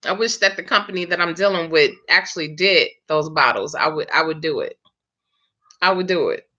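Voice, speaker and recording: Woman hosting a live chat, kinda low voice, laughs a lot, muffled lo-fi stream sound. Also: a little fast, bright, forceful tone. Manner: chatty, laughs often, talks to viewers. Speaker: live chat host, hairstylist. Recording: dull lo-fi stream audio.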